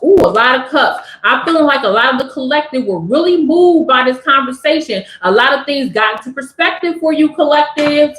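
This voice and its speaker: A woman from Southern California giving a tarot reading, talking straight to her viewers in an animated, affirming manner. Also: high-pitched, reverberant, rough recording. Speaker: tarot reader.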